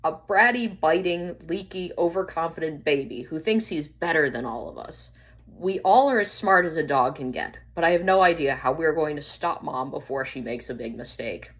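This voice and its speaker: A bossy little poodle who runs the pack, as a woman reads her, urgent and scornful as she schemes. Her voice sits a touch low and pushes a bit louder than the narration around it, in a plain storybook telling. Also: lively intonation, normal speed, rough recording. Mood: urgent scheming.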